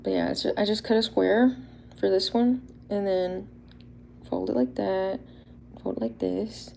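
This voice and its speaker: A woman's voice: medium pitch, measured pace, vocal fry, warm tone, slight background noise. A young woman, chatting casually and a little shyly on a livestream, laughing often as she shows handmade toy figures. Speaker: livestream host showing custom toy figures.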